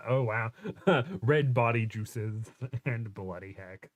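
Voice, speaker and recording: Slow-talking joking man. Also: mid-range voice, sing-song. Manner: joking, laughs often, silly voices. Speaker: guest co-host. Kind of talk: casual chat on a livestream.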